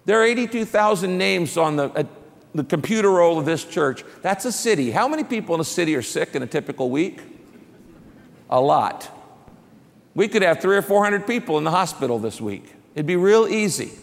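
A man's voice: sits high, animated, brisk, vocal fry, big-room sound. A man preaching a sermon as a pastor, telling stories with humor and building to emphatic preaching.

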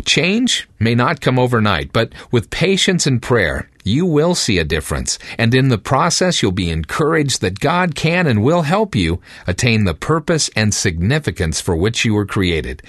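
A man reads promo copy as a radio program announcer, friendly and smooth. His pitch moves in a lively, animated way. The studio recording is dry and close. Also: measured pace, no room sound. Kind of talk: scripted broadcast promo.

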